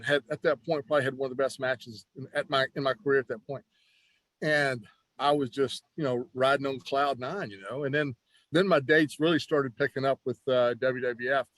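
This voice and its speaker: A man who is a former pro wrestler, telling stories in a casual, animated interview with lots of "you know" and restarts. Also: mid-range voice, no echo.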